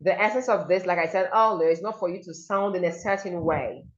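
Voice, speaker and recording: A woman with a Nigerian accent teaching diction in an online seminar, slowly modeling example sentences aloud over a video call. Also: lowish voice. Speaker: diction coach. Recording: dull lo-fi call audio.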